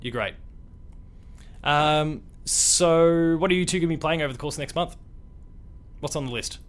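A man's voice: a little high, normal speed, fairly bright tone. A man with an Australian accent hosting a gaming podcast, talking in a loose, rambling, casual way with mild swearing. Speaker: podcast host. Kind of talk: casual chat.

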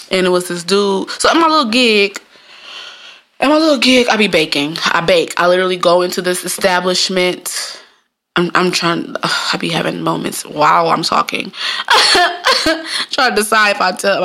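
Chatty, profane woman with a gravelly low voice. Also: a bit bright. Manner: chatty, profane, laughs often, slips into high mocking voices. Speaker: cook and baker telling stories. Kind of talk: casual storytelling monologue.

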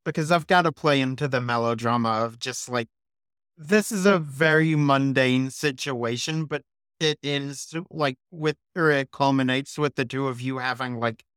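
A game master narrating a tabletop role-playing scene, playful and a little melodramatic, with filler "like"s. The voice is smooth and resonant at an everyday pitch, recorded close and dry. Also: moderate pace, fairly bright tone, no room sound.

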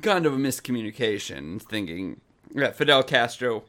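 A man's voice: mid-range voice, animated, moderate pace, a bit bright. A young man co-hosting a comedy podcast, rambling and giggly with frequent restarts. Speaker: podcast co-host. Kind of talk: casual comedic chat.

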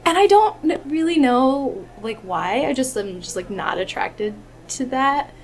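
A woman's voice: high-pitched, lively intonation, measured pace, slight background noise. A woman guest telling a personal story in casual podcast chat, often quoting herself. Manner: giggly storyteller, quotes herself.

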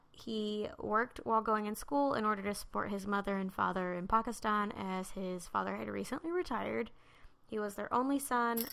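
A woman co-hosting a casual podcast, her voice gravelly with a touch of vocal fry. She reads from notes she rewrote herself, stopping with fillers over hard names and talking in a relaxed, chatty way. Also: medium pitch. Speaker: podcast co-host presenting a case. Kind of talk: casual chat, reading a rewritten article.

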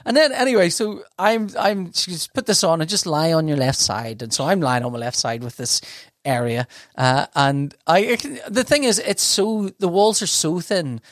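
Casting note: man, a little high-pitched, rambling anecdote, dry close sound. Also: normal speed, fairly bright tone, no echo. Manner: rambling anecdotal storyteller, laughs often, flustered. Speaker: podcast host telling a story. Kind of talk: casual chat.

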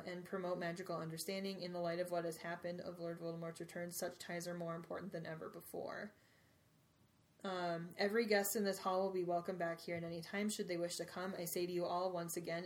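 A woman reading aloud as a wise elderly male headmaster, in a slow, hushed and measured way. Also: on the low side, voice pushed down, natural voice. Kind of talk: reading a book passage aloud.

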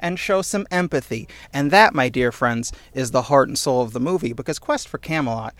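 A man co-hosting a casual podcast, talking in an animated, ranting way and swearing freely. His voice sits in a middle register and climbs when he gets indignant. The recording is close and dry, with no room sound. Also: medium pitch, moderate pace, no room sound. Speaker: podcast co-host.

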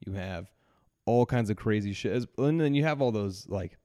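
A man's voice: on the low side, animated, normal speed, mellow, clear, resonant tone, no room sound, studio quality. A man co-hosting a podcast, telling a story in casual chat, rambling with restarts and frequent laughter. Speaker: podcast co-host.

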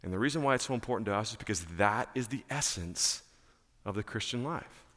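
A male pastor preaching a sermon in church, emphatic and animated, repeating key phrases. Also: lowish voice, brisk, big-room sound.

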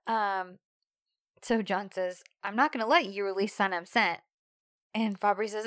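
A woman's voice: medium pitch, measured pace, long pauses, a bit bright, no echo, studio quality. A woman in casual chat, recapping a TV episode, laughing often and acting out lines from the show.

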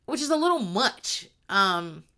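Woman host, loud and animated, casual chat, swears and laughs, bright and lively delivery. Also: medium pitch, unhurried. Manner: animated, swears freely, acts out quotes, laughs often. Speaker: podcast host recapping a reality show.

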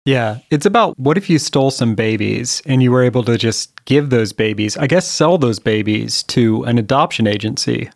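A man co-hosting a podcast, relaxed and steering the talk along in casual chat. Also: mid-range voice, normal speed, gravelly, few pauses, no room sound, clean studio sound. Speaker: podcast co-host.

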